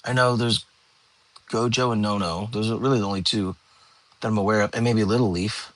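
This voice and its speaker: A tired young man, hosting a relaxed livestream and chatting with viewers from home. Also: fairly low pitch, brisk. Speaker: livestream host. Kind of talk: casual livestream chat. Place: home, lying down.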